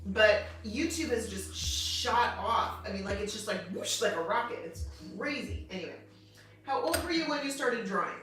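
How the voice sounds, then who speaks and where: A woman co-hosting a livestream, reading viewer comments aloud quickly and excitedly. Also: a little high, far from the mic, faint music behind. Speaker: livestream co-host reading chat. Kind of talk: casual livestream chat. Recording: roomy, from off mic, faint noise.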